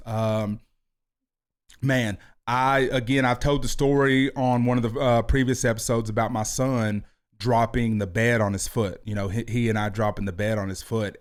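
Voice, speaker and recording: A man in his thirties, a youth football coach and podcast host, talking with high energy and an animated, hands-moving delivery. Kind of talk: motivational podcast talk. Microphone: video podcast mic.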